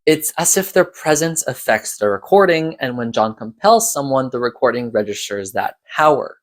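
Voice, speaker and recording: Guy reading out his episode breakdown, mid pitch, steady and explanatory. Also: moderate pace. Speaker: podcast episode reviewer. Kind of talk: scripted analytical commentary.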